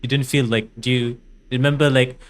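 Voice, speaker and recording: A man hosts a podcast interview in a voice of ordinary pitch. He asks questions haltingly, restarting and rephrasing often with plenty of fillers. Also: steady tone. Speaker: podcast host.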